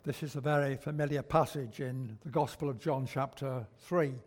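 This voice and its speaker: A man preaching a sermon, slow and emphatic, repeating key words for weight. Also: medium pitch, steady tone, a little mellow. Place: church. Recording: long church reverb.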